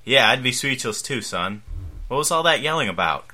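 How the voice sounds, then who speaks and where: A man's voice: mid-range voice, very animated, normal speed, sharp tone, full character voice. A man reading fan fiction aloud and voicing a wry, easygoing father. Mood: quipping. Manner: wry, quipping. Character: easygoing joking adult dad Sandy.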